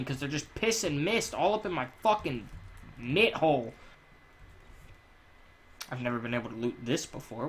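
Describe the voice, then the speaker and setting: A young man riffing crudely over his gameplay, swinging between low mutters and sudden loud shouts. His commentary is jokey, profane and full of laughter. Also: a little hiss or hum. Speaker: gaming channel host.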